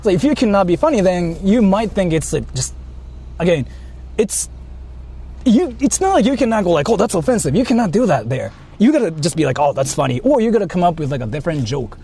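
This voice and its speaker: Man, casual driving vlog, rambly and sweary, slightly high voice, car noise behind. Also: very animated, fairly quick, dark tone. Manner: rambling, filler-heavy, swears often. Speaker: vlogger. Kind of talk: casual chat while driving. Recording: faint road noise in a car. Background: faint car and street noise.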